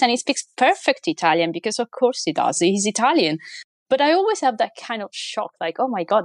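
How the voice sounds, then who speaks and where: A woman's voice: a little high, no room sound. A woman talking casually on a podcast, chatty with frequent laughs and restarts. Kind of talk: casual chat.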